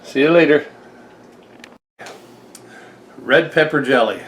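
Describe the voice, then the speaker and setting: A man's voice: a little high, a little fast, fairly bright tone, slight background noise. A man joking around with his wife in their home kitchen, in a playful, eager way of talking. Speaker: homestead vlogger, husband. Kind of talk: casual kitchen chat.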